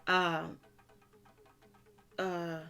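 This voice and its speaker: A woman's voice: lowish voice, flat delivery, gravelly, sharp tone, smooth, soft background music. A woman teaching a beginners' language lesson, explaining terms and drilling letters aloud for learners to repeat. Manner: repeats words and letters slowly for learners to copy, with light laughs.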